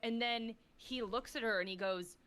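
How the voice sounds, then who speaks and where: A woman's voice: a little high, moderate pace, a bit bright. A woman guest on a podcast, talking in an impassioned, emotional way, swearing freely and filling her speech with "like.". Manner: effusive, swears freely, fillers of "like"; emotional, gushing. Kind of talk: impassioned casual chat.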